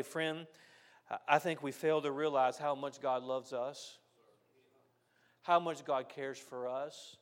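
A man preaching a sermon as pastor, moving from loud declarations to soft, tender passages, repeating phrases. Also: mid-range voice, fairly even intonation, slow pace, long pauses.

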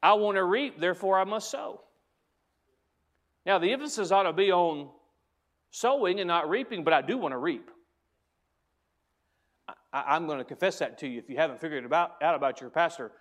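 A man's voice: fairly high pitch, brisk, pauses often. A man preaching a sermon as pastor, speaking to the congregation directly and driving home key phrases by repeating them.

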